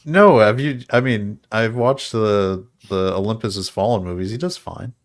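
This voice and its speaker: Low-voiced man telling movie trivia. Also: normal speed. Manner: explanatory, trivia-telling, laughs often. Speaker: podcast co-host. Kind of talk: casual chat.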